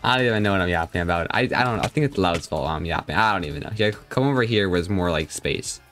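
A young man with a somewhat low voice chats casually on a game live stream. He jokes around and reads out his viewers' messages as he plays. Faint background music runs under his talk. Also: lively intonation, fast, fairly bright tone. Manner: chatty, joking, reads and answers viewer chat.

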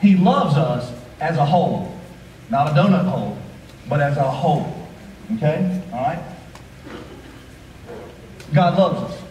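A male pastor preaching a sermon, rhythmic and repetitive, swinging between quiet asides and raised, emphatic lines. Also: fairly high pitch, slight background noise. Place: church sanctuary. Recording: echoey hall, voice from a distance, faint ambience.

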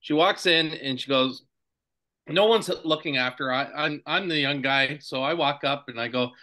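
A man's voice: medium pitch, moderate pace. A man in his sixties co-hosting a casual chat, telling anecdotes and acting out the lines of the people in them. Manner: animated anecdote-teller, acts out quotes. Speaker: podcast co-host.

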